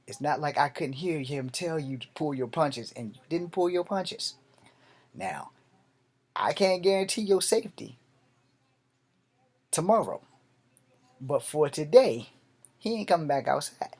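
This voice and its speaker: A man voicing his stern old-school father, gruff and blunt, scolding his son with profanity. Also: on the high side, lively intonation, unhurried, long pauses, a little mellow, exaggerated voice.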